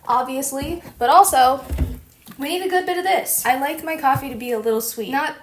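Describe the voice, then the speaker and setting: A young woman with a slightly high voice chats playfully through a casual home how-to vlog. She gushes and jokes as she goes. A faint hiss sits under the recording. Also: fairly quick. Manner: chatty, playful and gushing. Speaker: vlogger.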